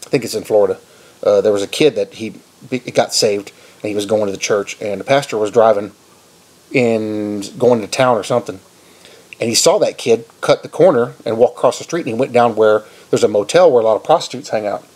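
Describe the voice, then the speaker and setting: Brisk and fairly low in pitch, this man preaches Christian sermons on video. His storytelling is casual and meandering, like a relaxed chat as he recounts events.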